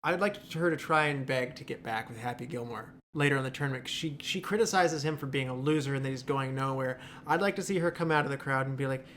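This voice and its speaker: A man's voice: fairly high pitch, brisk, a bit bright, slight background noise. Laughing man hosting a movie podcast. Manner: laughs often, acts out quotes. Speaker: podcast host. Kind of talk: casual chat.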